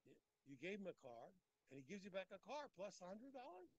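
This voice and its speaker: Husky, high-pitched animated Talmud teacher. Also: male voice, brisk, no echo, poor audio. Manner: animated, repeats phrases, acts out the text's speakers. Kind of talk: daf yomi Talmud class.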